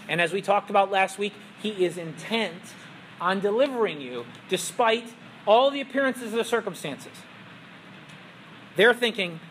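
A man's voice: very high-pitched, fairly bright tone, slight background noise. A male pastor preaching a sermon in a church, in a conversational storytelling manner full of rhetorical questions.

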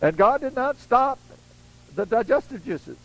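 A man's voice: very high-pitched, expressive, unhurried, a bit bright, dull audio. An older man preaching a folksy storytelling sermon, acting out voices in his stories. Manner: acts out voices in his stories, chuckling asides.

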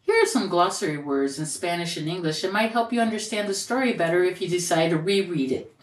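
A woman's voice: fairly low pitch, a little fast. Roomy storytime voice of a woman. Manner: gentle, expressive storytelling with lifted quoted lines. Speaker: storybook reader and educator. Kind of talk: children's story read-aloud. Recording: roomy echo, voice a bit far from mic.

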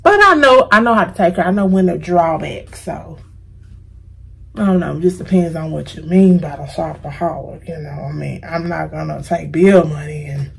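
A woman's voice: deep voice, steady tone, moderate pace, creaky, darkish tone, breathy edge, rough recording. A woman with an American accent answering viewer questions in a casual, chatty, playful vlog. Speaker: vlogger.

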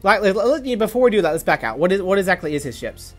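A man giving casual gameplay commentary, excitable and quick to swear, stammering and restarting when worked up. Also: high-pitched, soft background music. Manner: excitable, swings from gleeful to furious ranting. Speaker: gaming YouTuber.

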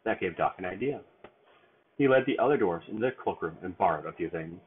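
A man's voice: deep voice, expressive, a little fast, a little hiss or hum. A man reading a storybook aloud at bedtime in a sing-song read-aloud manner, with small stumbles, over a tinny phone-like line.

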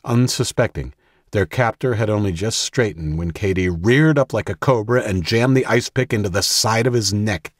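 Husky low-voiced male audiobook narrator. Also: normal speed, dry recording, clean studio sound.

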